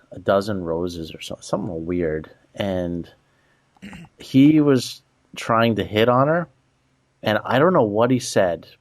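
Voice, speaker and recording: A man co-hosting a casual podcast, his voice sitting a little low. He chats in an easygoing way and drops in dry jokes between stories. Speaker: podcast co-host. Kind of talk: casual chat.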